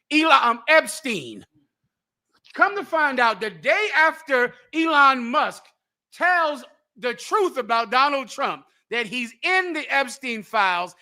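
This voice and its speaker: High bright-voiced indignant man. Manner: emphatic, indignant, rhetorical. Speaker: show co-host. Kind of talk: heated political commentary.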